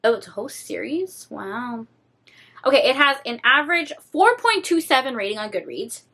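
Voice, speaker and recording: A young woman chatting casually in a reading vlog, dramatic and animated, swearing freely. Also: a little high, moderate pace. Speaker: book vlogger.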